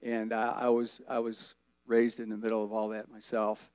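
A man's voice: lowish voice, normal speed, clear, resonant tone, no room sound. Folksy man sharing a church testimony. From Colorado, USA. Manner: relaxed, folksy, rambling with fillers. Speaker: guest speaker. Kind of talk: personal testimony storytelling. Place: church service.

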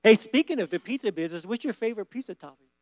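A man's voice: high voice, lively intonation, very fast, no echo. A man hosting at a church service, upbeat and chummy as he questions a guest and hands over the stage. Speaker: church host. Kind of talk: casual interview with guest.

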